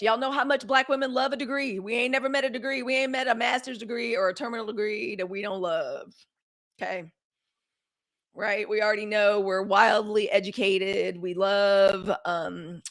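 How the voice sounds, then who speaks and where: A woman hosting a live news stream, talking straight to her viewers in a sassy, animated way. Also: fairly high pitch. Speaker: host of a daily live news show. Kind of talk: casual live-stream commentary.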